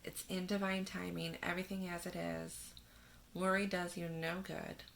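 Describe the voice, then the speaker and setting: A woman giving a spiritual tarot reading in a gentle manner, reading card verses aloud and laughing softly now and then. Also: on the low side, level tone, moderate pace, gravelly, a little hiss or hum. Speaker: tarot reader.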